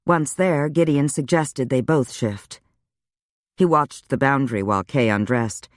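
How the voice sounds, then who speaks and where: A man narrating a dark romance audiobook in an even, measured storytelling voice. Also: medium pitch, dry recording, clean studio sound. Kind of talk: scripted narration.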